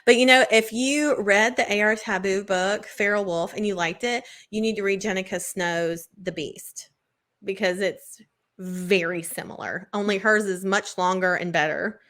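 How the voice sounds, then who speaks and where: Young woman, casual podcast chat, chatty storyteller, mid-pitched voice. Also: fairly even intonation, moderate pace, a bit bright. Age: 20s. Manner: chatty storyteller, lots of "like" and laughs. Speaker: podcast co-host.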